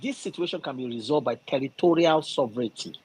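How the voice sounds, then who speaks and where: A man's voice: medium pitch, fairly quick, husky, low-quality recording. A Nigerian man from the southwest making an impassioned political argument, emphatic and repetitive. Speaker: discussion participant.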